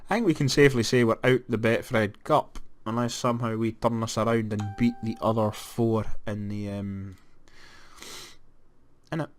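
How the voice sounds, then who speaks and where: A young Scottish man giving casual let's-play commentary on a football management game, moving from flat disappointment to excited shouts. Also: fairly low pitch, normal speed. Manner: animated, jumps to excited shouts at goals. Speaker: gaming commentator.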